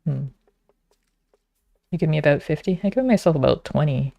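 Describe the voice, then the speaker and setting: Low gravelly woman streamer. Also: animated, normal speed, no echo, lo-fi sound. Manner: chatty, teasing viewers. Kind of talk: casual game-stream chat.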